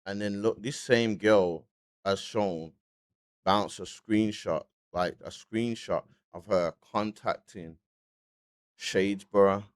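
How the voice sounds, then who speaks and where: Slangy man, low dry voice. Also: slow pace, no echo. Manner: slangy, keeps asking "you get me", frequent restarts. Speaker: online commentator. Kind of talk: casual commentary vlog.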